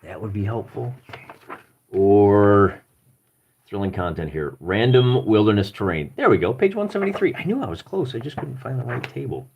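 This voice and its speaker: A man's voice: on the low side, very animated, moderate pace, creaky, lo-fi sound, slight background noise. A man from Michigan with a Midwestern accent hosting a live stream, thinking aloud and joking at his own expense as he flips through a rulebook. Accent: Midwestern American. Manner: rambling, self-deprecating, thinks aloud while searching pages. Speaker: livestream host.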